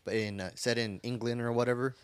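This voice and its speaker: A laid-back man in profane podcast banter. His mid-pitched voice sits on a dry, close mic with no room around it. He slows down when he explains something. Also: fairly even intonation, smooth, dry recording. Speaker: podcast co-host.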